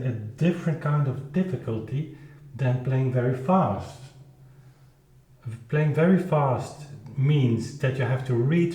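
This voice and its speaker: A man who is not a native English speaker, explaining his playing in an informal music lesson, halting and searching for words with many restarts. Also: mid-range voice, mellow, roomy sound. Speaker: keyboard performer explaining his recording.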